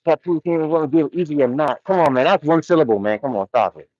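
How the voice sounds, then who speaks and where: Chill dude running a livestream from a warehouse, lots of slang, dry mellow voice, muffled audio. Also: male voice, on the high side, fast talker, no echo. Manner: loose, laid-back slang-heavy commentary with frequent laughs. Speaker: livestream host. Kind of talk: casual livestream chat.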